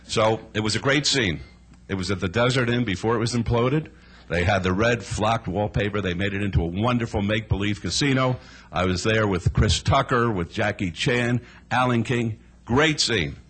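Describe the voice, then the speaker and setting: Husky low-voiced guy, a mayor telling a big story at council, acts out all the quotes. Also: normal speed, fairly bright tone.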